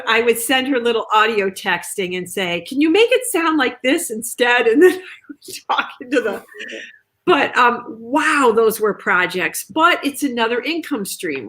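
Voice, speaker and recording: A woman author chatting on a video call, telling stories in a lively way and acting out quoted lines. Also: a little high, measured pace. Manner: chatty, animated storytelling with quoted asides. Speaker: author guest. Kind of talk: casual video chat.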